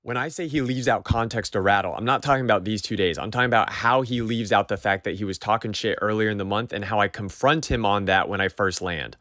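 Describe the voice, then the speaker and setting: A man's voice: lowish voice, fast talker, hardly any pauses, sharp tone. Emphatic man rebutting claims point by point. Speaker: YouTuber responding to a dispute. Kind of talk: commentary over played clips.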